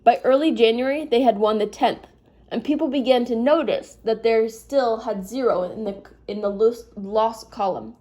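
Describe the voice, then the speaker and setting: Woman, sleepy, reading a novel aloud, casual, comments in between, mellow tone. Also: a little high, normal speed. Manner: informal, breaks off to apologize and comment. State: sleepy, yawning. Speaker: reader.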